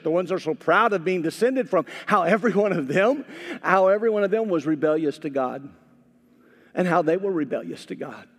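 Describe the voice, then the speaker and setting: A middle-aged male pastor delivers a sermon in a chatty, repeating style, with a slightly higher voice than most men. He swings into animated emphasis at times. His voice rings with the long reverb of a church hall. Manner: conversational preaching, repeats words, rises to animated emphasis.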